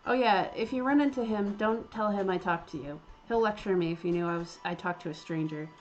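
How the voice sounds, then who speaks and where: A woman's voice: mid-range voice, brisk, dull audio, faint music behind, close to an everyday voice. A woman voicing a plucky, blunt young Irish frontier woman with an Irish accent, breezy and cheeky, in a game.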